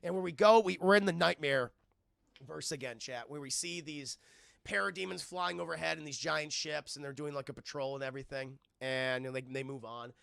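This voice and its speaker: A man reviewing a film on a live stream, talking to his chat in an animated, profane way. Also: a little high, fairly quick, creaky, no room sound, clean studio sound. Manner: animated, profane, laughs often, talks to chat.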